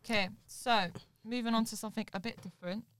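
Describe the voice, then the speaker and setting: A woman's voice: fairly high pitch, fast talker. A young woman hosting a casual podcast, chatty and leading each topic. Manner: leads the topics, chatty and animated. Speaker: podcast host. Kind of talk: casual chat.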